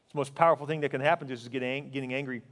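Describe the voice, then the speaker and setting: A man preaching as a pastor, earnest and emphatic, often sinking to a quiet, intense tone. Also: medium pitch, fairly even intonation, racing, in a large hall. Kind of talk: sermon.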